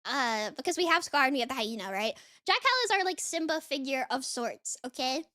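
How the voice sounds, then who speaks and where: Woman streamer, high voice, excitable rambler, heavy on fillers. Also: a little fast. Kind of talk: casual stream chat.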